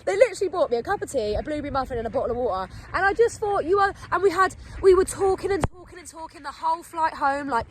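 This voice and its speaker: A young woman with a high, bright voice tells a story at a quick clip. She is chatty and emotional, packing in "like" and "literally." A faint hum of room sound sits behind her. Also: animated. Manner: chatty, gushing, full of "like" and "literally"; emotional, heartfelt. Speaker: podcast host. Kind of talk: casual storytime monologue.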